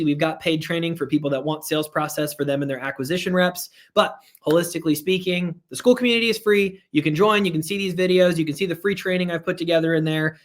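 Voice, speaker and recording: Energetic, higher-voiced man coaching sales. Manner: energetic, repeats key points, talks to chat. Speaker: sales trainer. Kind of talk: live online sales training.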